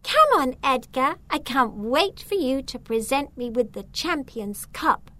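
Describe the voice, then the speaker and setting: Woman puts on a high, bouncy show-off little witch girl for a storybook, teasing. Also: sing-song, measured pace, sharp tone, exaggerated voice. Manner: showy, teasing.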